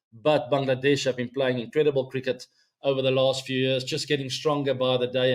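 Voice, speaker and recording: A middle-aged man hosts a cricket news show. He talks straight to his viewers in a loose, chatty way, dropping in plenty of ums. His voice sits in an ordinary middle pitch. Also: darkish tone. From South Africa. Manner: chatty, direct address to viewers, frequent ums. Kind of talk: casual solo commentary to camera.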